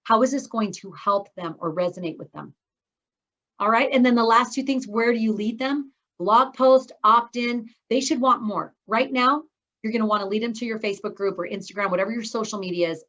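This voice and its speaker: A woman's voice: medium pitch, fairly bright tone, highs cut off. A middle-aged woman teaching an online speaking course, upbeat and encouraging, talking straight to her students over a video call. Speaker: speaking coach.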